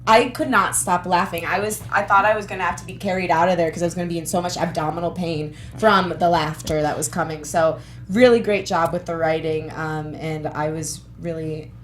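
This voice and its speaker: Woman panelist, low-ish voice, joking yet earnest, light background noise. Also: fairly even intonation, a little fast. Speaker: movie review panelist. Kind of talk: casual panel chat.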